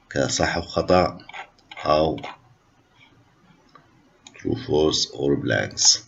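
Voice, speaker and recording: A man with Arabic as his first language lectures on linguistics in a slow, deliberate way, repeating each point for his students. His voice is very deep and slightly husky. The recording sounds dull and lo-fi. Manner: slow, repetitive explaining, switching between English and Arabic.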